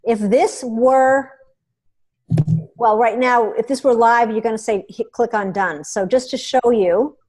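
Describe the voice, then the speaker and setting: A woman hosting a meeting, giving a chatty hands-on software tutorial and often checking in with her listeners. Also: on the high side, a little slow. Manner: chatty and instructive, checks in with "okay?". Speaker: meeting host.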